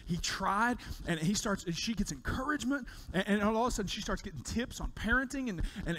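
A man preaching a sermon in church, telling a story in an animated way and repeating words as he builds up. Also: high-pitched, a little hiss or hum. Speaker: pastor. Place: church sanctuary.

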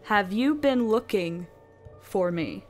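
A woman reading messages aloud as an eerie, mysterious entity in a slow, hushed, drawn-out spooky voice. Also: medium pitch, expressive, faint music behind. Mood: ominous. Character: eerie mysterious online entity, calm and ominous.

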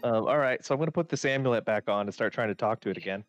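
A man's voice: lowish voice, racing, dull audio, faint music behind. Hesitant, playful male player. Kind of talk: casual tabletop banter.

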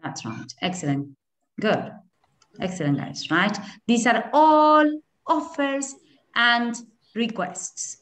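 A woman's voice: a little high, very animated, slow, fairly bright tone. A woman teaching an English class online, praising and repeating the students' answers. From Argentina. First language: Spanish. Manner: encouraging, repeats and praises answers, mixes in Spanish.

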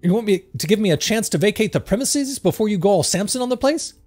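A man's voice: high voice, animated, quick pace, a little mellow, soft background music, voice pushed up. A man voicing a wisecracking young 1920s flapper woman, slangy and brash.

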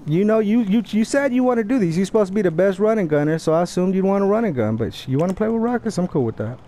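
A man's voice: sits high, lively intonation, fast, warm tone. Young man trash-talking over headset. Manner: taunting, profane, boastful. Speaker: gamer streaming online play. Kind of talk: trash talk over game voice chat.

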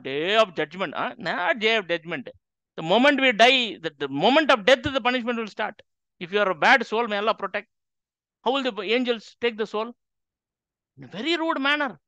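A man's voice: extremely high pitch, pushed and bright, no echo. A man teaching a Quran class to an audience, emphatic and full of rhetorical questions. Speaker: Islamic teacher. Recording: slightly dull lo-fi recording.

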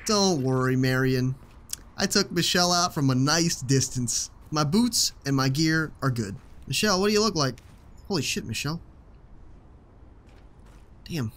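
A man's voice: a little high, lively intonation, moderate pace, long pauses, a bit bright. A young man giving casual, joking commentary while he plays a video game, swearing often. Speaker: gaming YouTuber.

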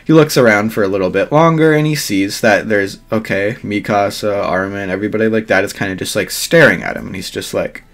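A man's voice: fairly low pitch, a little fast, few pauses. A man telling a fan-made what-if story in a rambling, filler-heavy way, swearing freely.

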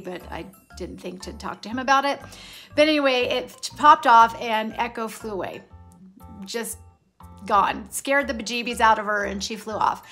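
A woman's voice: a little high, pushed and bright. A middle-aged woman vlogger telling a long personal story in a chatty, rambling way, full of restarts and side remarks. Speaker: nail polish vlogger. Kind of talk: casual storytelling.

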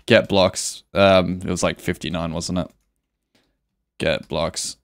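A man's voice: low voice, level tone, slow. A young man live streaming a video game, talking to his chat with melodramatic mock grief, swearing and laughing. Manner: reads chat aloud and answers it.

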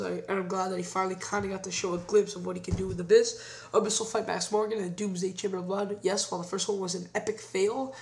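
A man's voice: high-pitched, creaky, fairly bright tone. A young man giving an opinionated, ranting review in a casual vlog. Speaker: wrestling show reviewer.

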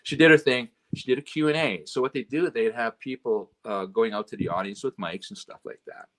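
A man's voice: mid-range voice, fairly quick, fairly bright tone. A man from Canada, a guest telling stories in casual chat, rambling and full of "you know" and "right?". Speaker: guest, road and stage manager.

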